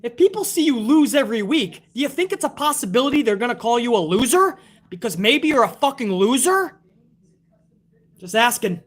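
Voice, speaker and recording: A man with a fairly high voice rants through a wrestling recap in casual live-stream style. He swears constantly and leans on sarcasm as he works through the show. He stops now and then to thank viewers for tips. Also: big pitch swings, moderate pace. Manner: profane, ranting, sarcastic.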